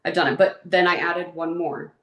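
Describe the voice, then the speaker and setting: Low-voiced woman in an echoey room. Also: little pitch movement, normal speed, a bit bright. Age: 30s. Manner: open and emotional, chatty with many "like"s. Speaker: guest. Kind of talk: candid personal interview.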